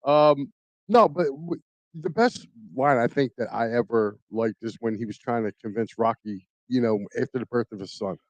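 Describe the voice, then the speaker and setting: A man co-hosting a casual sports podcast, excitable with loud bursts. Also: medium pitch, moderate pace, dry recording, lo-fi sound. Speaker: podcast co-host.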